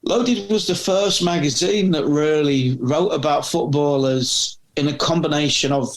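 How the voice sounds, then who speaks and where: Gravelly, animated male storyteller. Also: fairly high pitch, unhurried. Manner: rambling storyteller with frequent restarts. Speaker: podcast guest, former magazine editor. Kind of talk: casual anecdotal chat.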